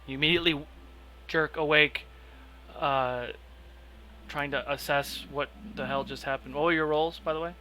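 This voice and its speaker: A man running a tabletop game as game master, narrating in a loose, relaxed way with fillers. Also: fairly high pitch, normal speed, slight background noise, rough recording.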